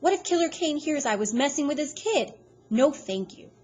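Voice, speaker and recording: A woman reading aloud, voicing a surly, threatening man with curt, loud lines. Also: sits high, lively intonation, normal speed, slight background noise, pitched above the performer's own voice. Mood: menacing. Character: menacing tattooed man, gruff and surly. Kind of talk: read-aloud storytelling.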